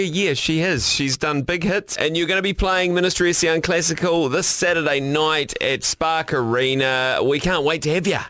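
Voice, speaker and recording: A man's voice: fairly high pitch, normal speed, few pauses, bright, forceful tone, no room sound, studio quality. A man hosting a radio show in playful, casual chat. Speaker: radio host.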